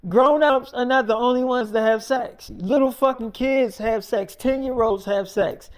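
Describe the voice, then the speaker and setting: A man's voice: very high voice, a little slow, pitched above the performer's own voice. A man voicing a middle-aged mother who scolds her daughter bluntly, a little raised over his own voice. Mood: scolding.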